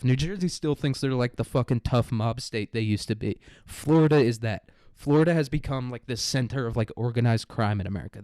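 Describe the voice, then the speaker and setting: A man's voice: mid-range voice, darkish tone, smooth, dry recording. A young man giving casual, sarcastic news commentary, swearing constantly and riffing irreverently.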